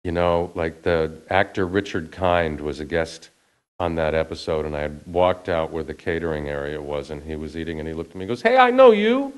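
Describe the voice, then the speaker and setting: A man's voice: very deep voice, little pitch movement, fairly quick. A male actor telling a casual story in an interview, chatty and laughing often. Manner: chatty, acts out the voices of people he quotes. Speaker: actor and guest.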